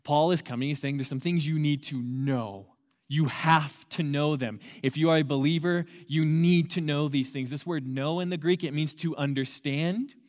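A male youth pastor in his thirties delivers a sermon in a slightly higher-pitched voice. He talks in a relaxed, storytelling way and then leans hard on key words, repeating them for emphasis. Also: normal speed. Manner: conversational storytelling opener.

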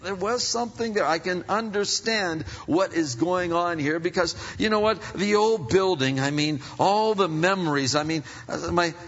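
An older man from Pennsylvania preaching a sermon as a pastor, talking conversationally and swinging between loud stretches and hushed ones. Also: high-pitched, moderate pace, few pauses. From Pennsylvania, United States. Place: large church sanctuary. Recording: dull reverberant hall sound.

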